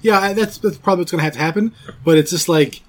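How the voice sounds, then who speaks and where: A man in his forties chats casually as a podcast host, his voice sitting a little high for a man. He rambles, jokes and swears freely as he goes. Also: quick pace. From Canada. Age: 40s. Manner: rambling, profane, jokey. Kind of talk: casual chat.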